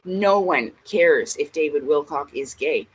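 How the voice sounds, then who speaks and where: A woman's voice: low-pitched, lively intonation, measured pace, a little hiss or hum, low-quality recording. A woman vlogger in a casual ranting monologue, blunt and emphatic, swearing heavily.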